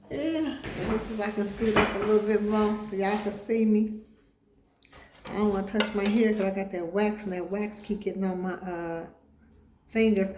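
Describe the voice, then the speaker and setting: A woman's voice: mid-range voice, slight background noise. A woman hosting a casual livestream talk show from home, chatting to viewers in a meandering way. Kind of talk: casual rambling chat to viewers. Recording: echoey room.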